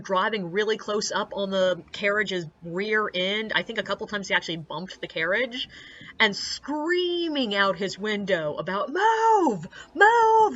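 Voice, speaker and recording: Bright-voiced chatty woman telling stories. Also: medium pitch, highs cut off. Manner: chatty, with many likes and uhs, swears freely. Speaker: ghost tour guide. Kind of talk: casual storytelling vlog.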